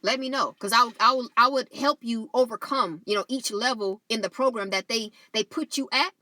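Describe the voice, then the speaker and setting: A woman's voice: fairly high pitch, normal speed, sharp tone, no echo. A woman talking casually and spiritually to her viewers, saying "you know" often and restarting her sentences. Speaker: channel host.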